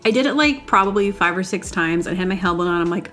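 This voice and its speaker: A woman's voice: lowish voice, fast talker, hardly any pauses, fairly bright tone, faint music behind. Chatty rambling woman, upbeat storyteller. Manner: rambling, chatty, full of "like" fillers; giggly and upbeat. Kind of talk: casual personal storytelling monologue.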